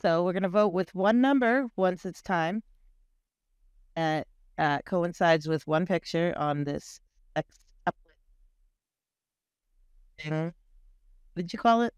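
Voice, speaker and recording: Casual stream host, male, bright high register, crisp tone, playful countdown calls. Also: slow pace, pauses often, no room sound, studio quality. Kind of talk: casual live-stream chat.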